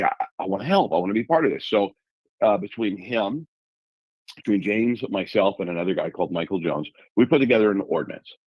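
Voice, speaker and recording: A man from Alaska, a guest on a talk show, telling his story in an animated way with colorful comparisons. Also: low voice, breathy edge, no echo, poor audio. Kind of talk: conversational interview.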